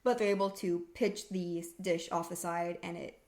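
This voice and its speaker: A woman's voice: on the low side, fairly even intonation, normal speed, crowd noise. A young woman co-hosting a podcast, recapping an episode in casual chat, laughing often. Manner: chatty, laughs often, acts out character lines. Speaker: podcast co-host.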